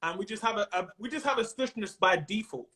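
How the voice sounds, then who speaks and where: A man in his thirties with a London accent, a comedian chatting casually on a video call, animated and quick to mimic other voices. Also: high voice. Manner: animated, slips into mimicked voices and laughs often. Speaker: comedian guest. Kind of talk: casual chat.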